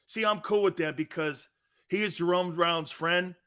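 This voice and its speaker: A man's voice: sits high, moderate pace, sharp tone, clean tone. A man hosting a live sports talk show, boisterous and teasing, reading chat messages and laughing a lot. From Italian-American background.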